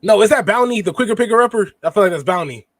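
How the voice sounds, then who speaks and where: A man co-hosting a casual chat podcast, telling stories in an animated, teasing way. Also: sits high, racing, dry recording. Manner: animated teasing storyteller, laughs often. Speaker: podcast co-host.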